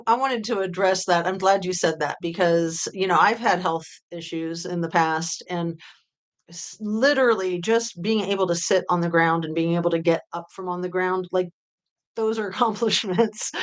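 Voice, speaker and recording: A woman hosting a true crime livestream, chatting casually with her viewers and reading their comments, rambling with many fillers. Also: on the low side. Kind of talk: casual chat with live chat readers.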